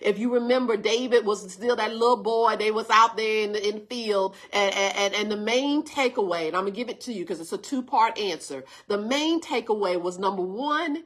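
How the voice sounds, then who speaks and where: A woman's voice: medium pitch, moderate pace, hardly any pauses, a bit bright. A woman in her forties, a pastor, leading a livestreamed Bible study with emphatic preaching, repeating words for emphasis. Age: 40s. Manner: emphatic preaching, repeats words, greets viewers, calls listeners "baby".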